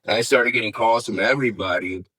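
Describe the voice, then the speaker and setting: An interview guest, a middle-aged man, tells a story in a fairly low, sharp voice with a breathy edge and a quick pace. He's laid-back and rambling, swearing freely and saying "man" a lot, on a rough recording.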